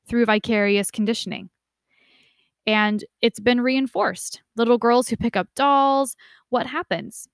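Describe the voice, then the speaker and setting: A young woman giving a casual lecture, conversational and lively when she imitates relatives. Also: mid-range voice, smooth, no room sound, studio quality. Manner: conversational, animated quoting of family voices. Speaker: instructor.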